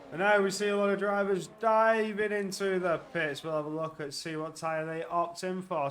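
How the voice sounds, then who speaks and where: Excitable high-voiced race commentator man. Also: slight background noise. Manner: excitable, shouts at crashes and overtakes. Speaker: sim racing commentator.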